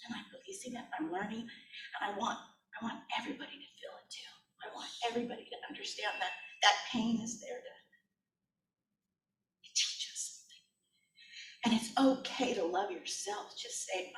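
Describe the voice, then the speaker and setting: A woman sharing a tearful, shaky testimony at a church service, halting and laughing nervously. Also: medium pitch. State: crying. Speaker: congregant sharing. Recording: roomy hall, mic at a distance.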